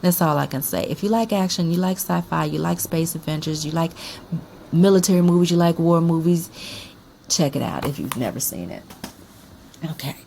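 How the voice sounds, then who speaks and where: A woman's voice: low-pitched, moderate pace, gravelly, warm tone, slight background noise. A woman chatting casually about her movie collection as a vlogger, emphatic and repeating herself for effect. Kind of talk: casual chat about films.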